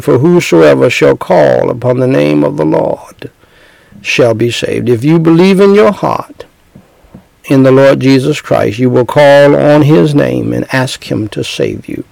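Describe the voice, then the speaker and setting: Male preacher, earnest direct-address sermon, unhurried delivery with a gravelly edge. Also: medium pitch, darkish tone, no room sound, poor audio. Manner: leads a prayer phrase by phrase. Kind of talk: evangelistic sermon.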